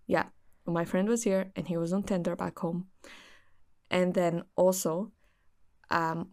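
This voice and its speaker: A woman's voice: fairly low pitch, darkish tone. A young woman earnestly recounting a friend's story in casual chat.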